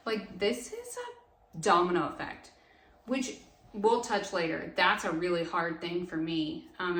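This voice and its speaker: A woman's voice: lowish voice, a bit bright, distant mic. A woman hosting her own podcast, talking casually and earnestly with many fillers. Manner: earnest, chatty, lots of "like" fillers. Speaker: podcast host. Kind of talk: casual personal monologue. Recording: echoey room, voice away from mic.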